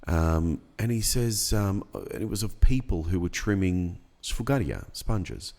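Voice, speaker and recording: A middle-aged man, telling a personal story in a casual podcast chat, unhurried and reflective with many pauses and ums. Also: low-pitched, expressive, a little mellow. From Australia. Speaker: podcast guest.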